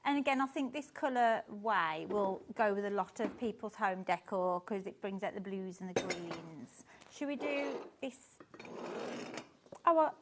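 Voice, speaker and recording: A woman co-presenting a live shopping show, enthusiastic and quick to exclaim. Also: medium pitch, expressive, noisy background.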